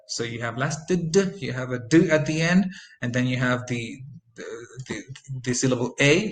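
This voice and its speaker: Man slowly teaching pronunciation. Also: medium pitch. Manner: explanatory, repeats example words slowly. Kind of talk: recorded lecture on English pronunciation.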